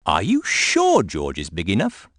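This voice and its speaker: A man reading a storybook and putting on the high, sing-song voice of a bossy little girl piglet. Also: wildly swooping pitch, measured pace, a bit bright, no echo, clean studio sound, heavily acted. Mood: unsure.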